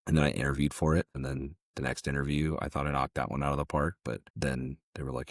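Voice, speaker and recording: A man, a podcast guest who runs a jiu-jitsu gym, recounting a personal story in a halting way, often repeating his words. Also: rumbling low, steady tone, creaky, breathy edge, dry recording, clean studio sound.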